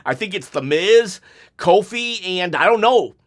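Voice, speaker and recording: A man's voice: high-pitched, lively intonation, measured pace. A man venting in a frustrated, emotional reaction vlog, stumbling and restarting as he talks. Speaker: wrestling YouTuber.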